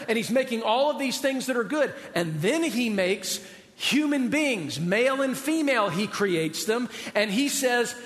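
High-pitched guy preaching, chatty and keeps asking the crowd stuff, big echoey church hall. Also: animated, measured pace, fairly bright tone. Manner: conversational, asks the audience questions. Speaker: pastor. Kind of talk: sermon.

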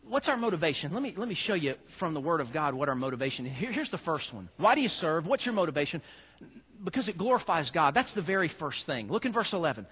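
A man, preaching a sermon in an animated storytelling way that swings from loud preaching to quiet asides. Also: fairly high pitch, fast, slightly rough. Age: 30s. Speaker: pastor.

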